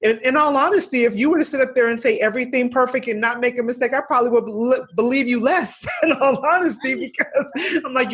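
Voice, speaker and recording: A woman's voice: on the high side, expressive, normal speed, slightly rough. A woman hosting a podcast interview, affirming and encouraging her guest, with frequent small laughs. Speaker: podcast host. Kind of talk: conversational interview.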